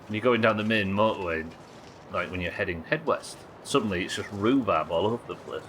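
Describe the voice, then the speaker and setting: A man's voice: on the low side, a little fast, a bit bright, slight background noise. A man chatting and joking with viewers while playing a game on a live stream, swearing casually as he goes. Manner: chatty, jokey, swears casually, teases chat.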